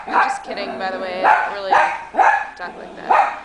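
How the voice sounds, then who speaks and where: A woman's voice: mid-range voice, wildly swooping pitch, takes it slowly, pauses often, a crowd in the background. A young woman in a casual home video, playfully teasing and cooing at her dog, sometimes dropping to a whisper. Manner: playful, teasing, switching to baby talk and whispers. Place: home, indoors.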